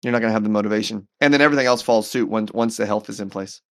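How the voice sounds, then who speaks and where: Animated gravelly-voiced man telling a story. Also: lowish voice, rapid-fire. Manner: animated, repeats words while telling a story; faith-centered, earnest. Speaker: podcast guest. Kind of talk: storytelling in conversation.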